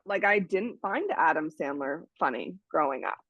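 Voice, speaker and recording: Appearing as a guest over a video call, this dating site member from the United States tells stories casually, often restarting her sentences. She has a low-pitched, fairly bright voice with lively intonation at a moderate pace. The sound is dull, dry, lo-fi, with no room sound.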